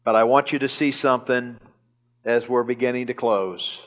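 During a church service, a pastor preaches a sermon, animatedly retelling a scripture story with chuckles and repeated phrases. His mid-range voice has fairly even intonation and a moderate pace.

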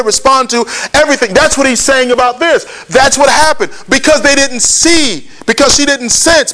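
A man's voice: extremely high pitch, sharp tone. A man preaching a sermon, prodding his listeners with questions and pushing them to answer back. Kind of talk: sermon with call and response.

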